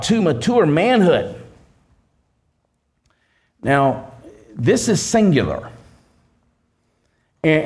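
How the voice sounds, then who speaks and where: A man preaching a sermon, leaning on key words slowly and restarting phrases as he explains. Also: fairly high pitch, darkish tone. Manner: preaching with slow emphatic stresses and restarts. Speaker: pastor.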